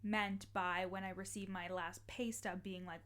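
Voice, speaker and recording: A woman's voice: medium pitch, steady tone, moderate pace, few pauses, fairly bright tone. Chatty young woman coaching a podcast audience. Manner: chatty and encouraging, many "like" fillers, casual swearing. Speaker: life coach and podcast host. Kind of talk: casual podcast monologue.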